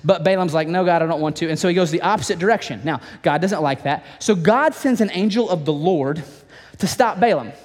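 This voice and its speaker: Animated high-voiced male pastor preaching. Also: fairly quick, in a large hall. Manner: animated, playful storytelling with asides. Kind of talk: sermon. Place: church.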